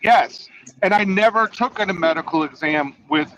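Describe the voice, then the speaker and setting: A man's voice: high voice, normal speed, fairly bright tone. A man who drives trucks, hosting a casual, rambling, profanity-filled chat and teasing his guests. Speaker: trucker and podcast host. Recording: dull lo-fi audio.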